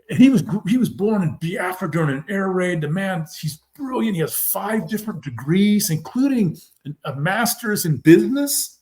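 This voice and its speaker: Fervent storytelling man, slightly high voice. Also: moderate pace. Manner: animated, retells scenes by quoting people; emphatic, fervent. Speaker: podcast guest, former football player. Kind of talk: personal storytelling in a conversation.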